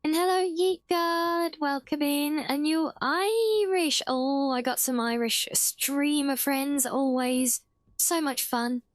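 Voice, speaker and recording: A British woman with a high voice chats her way through a live game stream, unhurried and full of little self-corrections. Her voice sits close and dry on the mic, with no room sound around it. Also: no echo. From Britain (half English, half Welsh). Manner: chatty, self-correcting, reads out and answers chat. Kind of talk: casual live-stream chat while gaming.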